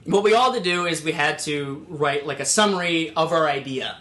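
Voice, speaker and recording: High, bright-voiced young man rambling. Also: brisk. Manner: rambling storyteller, many fillers, bursts into loud put-on voices. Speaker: podcast host. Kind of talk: casual podcast chat. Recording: echoey room.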